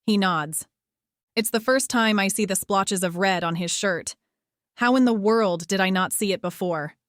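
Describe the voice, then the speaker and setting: A woman reading a teen spy thriller as first-person audiobook narration, steady and lightly dramatic. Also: mid-range voice, measured pace, no room sound, clean studio sound.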